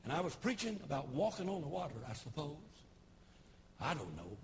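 A pastor in his sixties with a Tennessee Southern accent, preaching a folksy, humorous sermon with homespun storytelling and sudden shouted bursts. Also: a little high, big pitch swings, fairly quick, a little hiss or hum. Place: church service broadcast on television.

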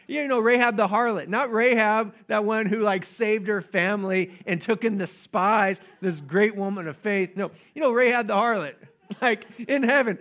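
Guy preaching, kinda high voice, jokey, does little voices for bible people. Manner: animated, joking, acts out voices of Bible figures. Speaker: pastor. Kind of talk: sermon.

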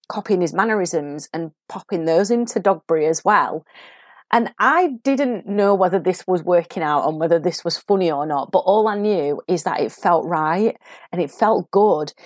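A woman with a Sheffield accent talks through a story in a casual podcast style, quick to laugh and animated. Her voice sits a little low. The recording is close and dry, with no room sound. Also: no room sound. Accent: Sheffield English. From England. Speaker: acting coach podcast host. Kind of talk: casual solo podcast talk.

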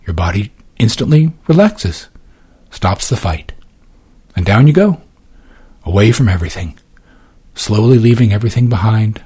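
A man's voice: lowish voice, a little mellow, breathy edge. A man giving dramatic scripted narration of a novel as an audiobook narrator. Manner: dramatic, swinging delivery.

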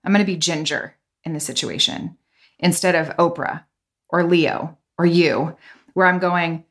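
A woman's voice: lowish voice, steady tone, unhurried. A woman hosting a casual conversation, talking playfully and animatedly and often breaking off her own sentences. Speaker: podcast host. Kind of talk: casual chat.

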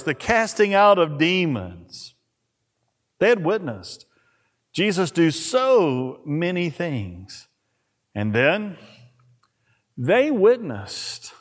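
A male pastor preaching in a measured, unhurried way, his voice pitched a little high. He tells the story dramatically and drops to a hush at the solemn moments. Long reverb from the church hall trails each phrase. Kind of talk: sermon.

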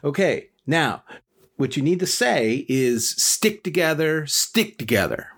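A chill, slang-talking Buddha in a spoken folk tale, as a man puts him on. He sounds relaxed and friendly, pitched up high with a bouncy, lively lilt. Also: slow, husky, full character voice. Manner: slangy, easygoing, higher pitched. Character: laid-back surfer-dude male Buddha.

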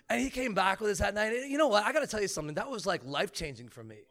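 Preacher guy in his 30s telling a funny faith story, talks real fast, kinda high. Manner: animated, joking, acts out quotes. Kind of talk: humorous testimony storytelling.

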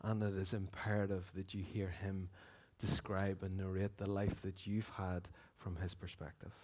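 A man with a Northern Irish accent, a pastor preaching and reading a story aloud in an earnest, expressive way. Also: low-pitched, moderate pace. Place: church.

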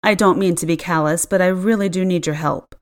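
Stern older housekeeper, clipped and tight, lowish voice, read by a woman. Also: steady tone, brisk, lightly acted. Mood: agitated.

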